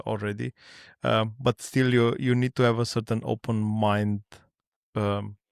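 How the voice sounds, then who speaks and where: A man's voice: mid-range voice, creaky, dry recording, clean studio sound. A man hosting a podcast interview, asking questions with many fillers and restarts. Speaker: podcast host.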